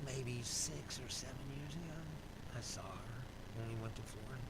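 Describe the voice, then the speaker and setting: A man's voice: mid-range voice, normal speed, very noisy. A man telling a profane, rambling story in casual chat, acting out the other people's lines. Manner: profane, rambling, acts out quotes. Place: studio.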